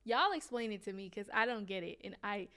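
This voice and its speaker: A woman's voice: mid-range voice, expressive, brisk, a bit bright, clear, resonant tone. A woman hosting a reaction video, talking in a hesitant, questioning way and filling her sentences with "like". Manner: hesitant, questioning, heavy use of "like". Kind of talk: casual commentary.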